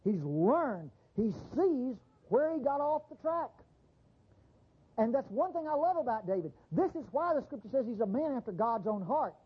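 A pastor delivers a sermon in a conversational, animated way, his pitch swooping widely as he performs quick little character voices. His voice is husky and slightly breathy, and the recording is dull and lo-fi.

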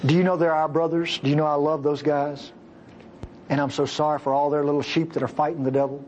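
A man preaching a sermon with passion, acting out the voices he quotes and jumping between high and low. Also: flat delivery, fast talker, dull audio, noisy background.

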